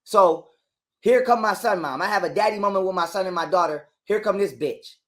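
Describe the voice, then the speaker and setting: A man, a guest on a call, telling a heated personal story in street slang and swearing a lot. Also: sits high. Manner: heated, profane, talks fast in street slang.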